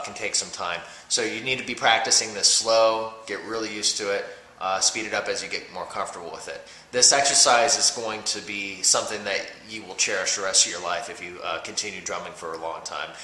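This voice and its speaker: A man's voice: lowish voice, a little hiss or hum. Man teaching drums in a roomy space. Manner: patient, explaining step by step with fillers. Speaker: drum teacher. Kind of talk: instructional talk with count-offs. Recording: roomy with loud drum playing between talk.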